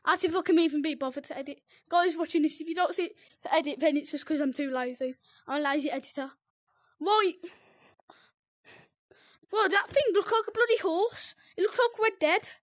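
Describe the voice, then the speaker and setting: Excitable high-pitched British gamer. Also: fairly quick, dry recording, clean studio sound. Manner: excitable, yelps and giggles, teasing. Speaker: gaming video host. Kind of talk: excitable let's-play commentary.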